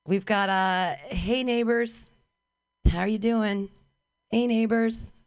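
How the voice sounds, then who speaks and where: A woman's voice: medium pitch, fairly even intonation, unhurried, smooth. A woman performing stand-up comedy outdoors on a street corner. She calls out to people walking past and makes fun of herself. Her voice sounds dry, with no echo. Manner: calls out to passers-by, self-mocking.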